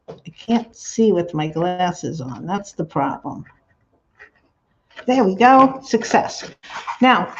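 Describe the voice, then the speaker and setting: Chatty slow-talking woman crafting on a livestream. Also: mid-range voice, a little mellow, highs cut off, slight background noise. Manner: chatty, rambling, laughs often, talks to chat. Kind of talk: casual livestream chat while crafting. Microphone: laptop mic on a livestream.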